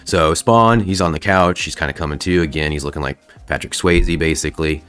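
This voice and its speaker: A man with an extremely deep, smooth voice hosts a casual comic book recap. He talks in a laid-back, slangy way with plenty of fillers, and faint music plays underneath. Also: fairly quick, fairly bright tone. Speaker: host.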